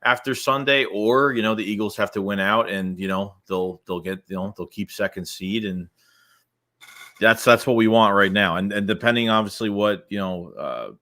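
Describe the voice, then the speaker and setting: Bright-voiced man co-hosting a sports podcast. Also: on the low side, normal speed. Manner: short replies, lots of "you know" and "I mean". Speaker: podcast co-host. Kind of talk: casual sports podcast chat.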